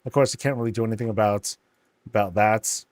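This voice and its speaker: A man's voice: on the low side, fairly even intonation, fast, a little mellow, dry recording. A man casually commenting on a game, telling stories animatedly with slangy asides. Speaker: game streamer.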